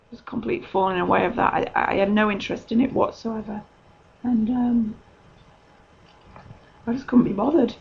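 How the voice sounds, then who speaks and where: Husky, gravelly woman telling her story. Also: mid-range voice. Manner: chatty storytelling, many ums. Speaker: podcaster. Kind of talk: personal faith testimony. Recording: dull lo-fi recording.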